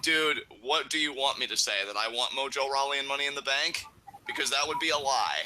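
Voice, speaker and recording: A man's voice: medium pitch, brisk, crowd noise, poor audio. A man co-hosting a live wrestling reaction chat, tossing out dry, sarcastic quips. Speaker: co-host of a wrestling reaction show.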